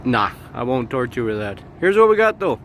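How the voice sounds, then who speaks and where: A man's voice: medium pitch, big pitch swings, fairly quick. A middle-aged Canadian truck driver chatting casually to a phone camera outdoors beside his truck, exclaiming at the gusts. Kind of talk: casual vlog chat. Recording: loud wind noise on mic. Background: wind gusts.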